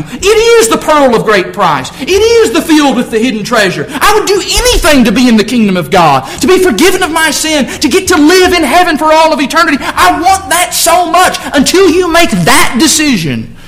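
A man preaching a sermon in church, fervent, swinging from low, intense talk to shouted exclamations. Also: rough recording.

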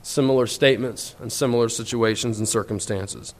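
A man preaching a church lesson, earnest and emphatic, reading scripture slowly and deliberately and jumping up in pitch when he voices other people's words. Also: fairly even intonation. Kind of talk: sermon.

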